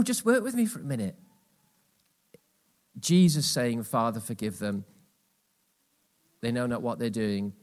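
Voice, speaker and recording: A male pastor preaching a live church sermon, swinging between loud, emphatic exhortation and hushed, quiet asides. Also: medium pitch.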